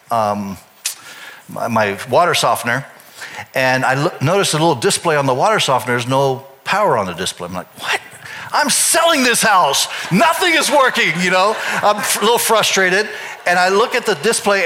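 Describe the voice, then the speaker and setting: Middle-aged guy pastor, bright kinda high voice, rambly story then sermon. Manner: rambling, self-correcting storyteller.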